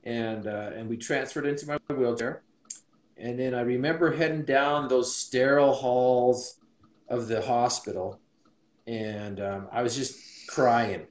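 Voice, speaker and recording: A man in his forties from Utah, recounting his life story in an interview with earnest reflection. His mid-pitched voice sits in a roomy space with audible echo. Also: steady tone, measured pace. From Utah, USA. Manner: earnest and reflective, many restarts. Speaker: interview guest.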